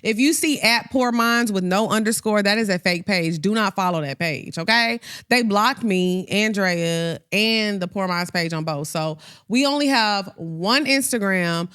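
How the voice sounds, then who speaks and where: A woman's voice: medium pitch, unhurried, hardly any pauses, smooth. A woman co-hosting a podcast in casual chat, addressing listeners directly with announcements. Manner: animated, plugging the show to listeners. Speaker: podcast co-host.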